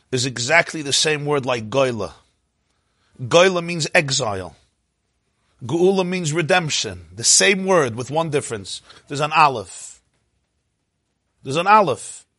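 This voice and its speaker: A man teaching a sermon, telling stories in an animated way that climbs to emotional peaks. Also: a little high, no room sound, clean studio sound. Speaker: rabbi.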